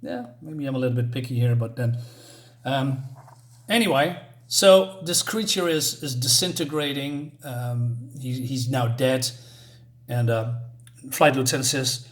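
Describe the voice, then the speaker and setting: A man giving a casual spoken review of a comic book, halting, with many restarts and fillers. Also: medium pitch.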